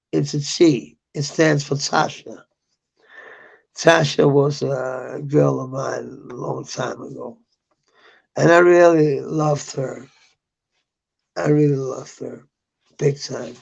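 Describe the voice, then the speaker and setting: A man's voice: fairly high pitch, creaky, slightly rough, lo-fi sound. A middle-aged man telling a personal story in a rambling, profane way, with bitter outbursts.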